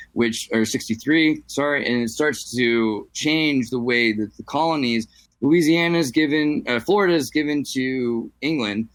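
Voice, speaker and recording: A man's voice: medium pitch, no echo. A man in casual podcast chat, talking in long digressive runs and tossing in French phrases.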